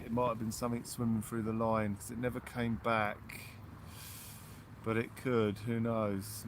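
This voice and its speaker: A man hosting a live fishing stream outdoors on the shore at night, giving excitable commentary and thanking his supporters one by one. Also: medium pitch, slight background noise. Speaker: fishing livestream host.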